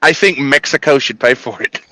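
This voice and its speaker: A man's voice: medium pitch, normal speed, pushed and bright, rough recording. A man co-hosting a casual podcast, making wry jokes and telling short stories. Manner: wry, jokey asides, laughs at his own stories. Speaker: podcast co-host. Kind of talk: casual chat.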